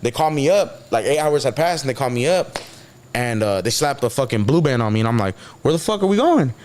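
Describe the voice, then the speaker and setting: A man's voice: mid-range voice, a little fast, darkish tone, a little hiss or hum. Slangy man telling a story. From San Diego. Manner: slangy, swears often, acts out quotes. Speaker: guest. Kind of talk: casual storytelling in an interview.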